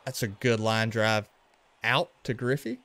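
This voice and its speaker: A man's voice: lowish voice, measured pace. A man from western Louisiana with a Louisiana accent, livestreaming a baseball video game, casually commenting on plays and chatting with viewers. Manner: relaxed, chatty, reacting to plays and greeting chat. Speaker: gaming livestreamer.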